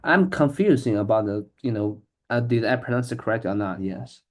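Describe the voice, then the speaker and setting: A man practicing English reading aloud, speaking in a halting, hesitant way with many restarts. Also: lowish voice. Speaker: English learner.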